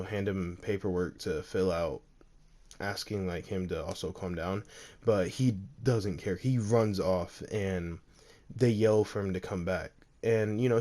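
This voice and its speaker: A man's voice: low-pitched, vocal fry, darkish tone. A young man casually retelling a fan-fiction story, rambling and full of fillers. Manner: rambling, full of "like" and "you know".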